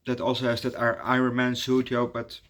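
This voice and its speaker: Male movie reviewer at a mid pitch, chatting loosely and hesitantly with frequent ums and restarts. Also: monotone, brisk, fairly bright tone. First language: Dutch. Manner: rambling and hesitant, many fillers and restarts. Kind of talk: casual spoken movie review.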